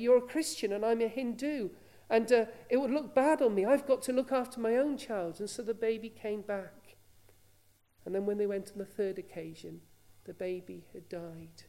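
Woman preacher, mellow and warm, earnest storytelling sermon delivery. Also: medium pitch. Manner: earnest storytelling with rhetorical questions.

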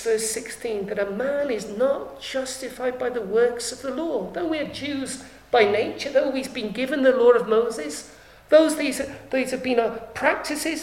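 A woman's voice: high voice, darkish tone. A woman preaching a sermon, emphatic, driving her points home with repeated rhetorical questions. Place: church. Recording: echoey church room.

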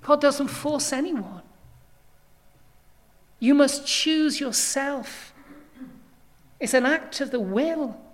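Woman preacher, slow and earnest, somewhat high voice, pleading sermon delivery. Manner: earnest pleading with sudden rises in intensity. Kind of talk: evangelistic sermon.

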